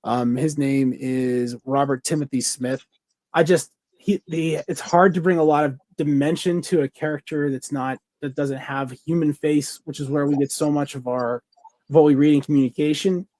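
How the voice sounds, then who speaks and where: A man's voice: a little high, steady tone, moderate pace, darkish tone. A man co-hosting a podcast, chatting casually and enthusiastically in a rambling way, full of fillers and restarts. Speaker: podcast co-host. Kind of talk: casual review chat.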